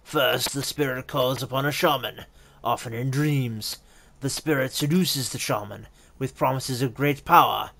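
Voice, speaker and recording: A man's voice: medium pitch, vocal fry, a bit bright, slight background noise. A man voicing a sly painted elf. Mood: wry. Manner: measured, wry and explanatory.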